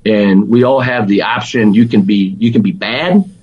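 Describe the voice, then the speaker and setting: A man's voice: fairly low pitch, normal speed, slightly rough, muffled recording. A man with an Alabama accent, a barbecue pitmaster guest, chatting casually and easily, peppering his talk with "man" and "dude". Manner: animated and laid-back, sprinkled with "man" and "dude". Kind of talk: casual podcast interview.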